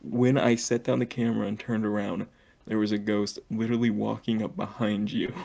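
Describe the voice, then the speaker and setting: A man's voice: lowish voice, flat delivery, fairly quick, creaky, dark tone. A man in casual chat with a co-host, telling stories and swearing freely.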